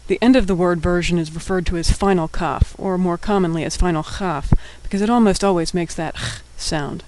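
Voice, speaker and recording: Guy with a high voice calmly walking through hebrew letters and vowels. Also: a little hiss or hum, low-quality recording. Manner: patient, sounding out words slowly. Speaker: Hebrew teacher. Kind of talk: scripted alphabet lesson.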